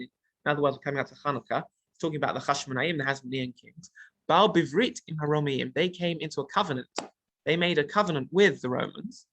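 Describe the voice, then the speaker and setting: A man's voice: a little high, fairly bright tone, no echo. A man teaching a text study class, reading Hebrew phrases and explaining them as he goes, with frequent restarts. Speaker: Torah teacher.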